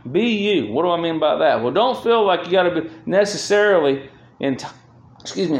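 A man preaching a sermon as pastor, speaking earnestly and swelling with feeling when he reads scripture aloud. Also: fairly high pitch. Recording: roomy echo.

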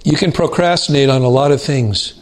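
A pastor with a mid-range voice preaches to his congregation in an earnest, deliberate way, slowing down to stress key words.

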